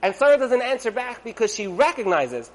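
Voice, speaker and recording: Big swings in pitch mark this man's very high voice as he briskly runs an informal evening class on Torah and marriage. It's conversational throughout, full of rhetorical "right?"s and acted-out quotes.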